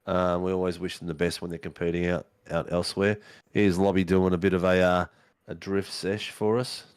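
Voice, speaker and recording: A man's voice: sits low, fairly quick, clear, resonant tone, dry recording, clean studio sound. A man as a casual co-commentator, chatty and loose, calling his partner mate and filling gaps with ums. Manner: relaxed and chatty, says mate, many ums and uhs.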